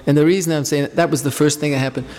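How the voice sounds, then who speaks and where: A man's voice: a little high, fairly even intonation, very fast. Rambling man telling stories in a hall. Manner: rambling, anecdotal, warm storytelling. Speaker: speaker leading a devotional group. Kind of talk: informal talk with questions.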